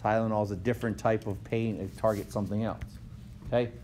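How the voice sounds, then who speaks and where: A man's voice: on the low side, steady tone, fast talker, darkish tone, a little hiss or hum. A male instructor giving a recorded whiteboard lecture in a conversational way, often checking in with "okay?" and correcting himself mid-phrase. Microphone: tablet microphone.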